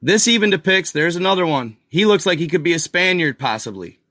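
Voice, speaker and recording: A man hosting a casual live commentary, rambling excitably and calling out to viewers as guys and y'all. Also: fairly high pitch, brisk, dry recording, clean studio sound. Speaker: channel host.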